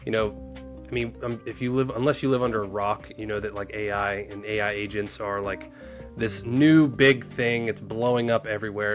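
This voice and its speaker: A man hosting a podcast in a loose, energetic way, with lots of fillers and restarts. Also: mid-range voice. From Pennsylvania. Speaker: podcast host. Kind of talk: casual podcast chat.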